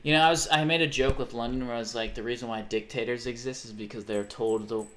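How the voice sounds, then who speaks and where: A man's voice: medium pitch, steady tone, quick pace, a bit bright. A young man live-streaming a game, chatting casually and reading viewer messages aloud, rambling and swearing often. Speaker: livestreamer.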